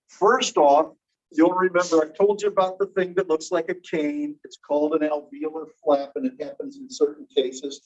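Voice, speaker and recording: A male teacher giving a recorded lecture, patiently explaining and slowly repeating example words. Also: fairly high pitch, a little mellow, breathy edge. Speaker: linguistics teacher. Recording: distant, dull lecture recording.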